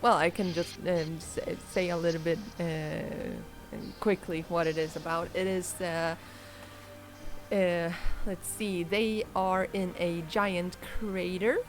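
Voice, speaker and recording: Woman game master for a casual streamed tabletop game; unhurried and halting, laughs a lot. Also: fairly low pitch, fairly even intonation, soft background music. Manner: slow, hesitant, giggly.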